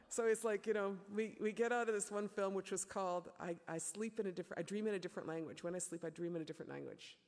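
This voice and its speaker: A middle-aged woman delivers an impassioned public speech in a gravelly voice. She often leans on "you know" as she talks. Her voice trails into the long reverb of a large hall. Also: mid-range voice. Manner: impassioned, with many repeated "you know" fillers. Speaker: activist speaker.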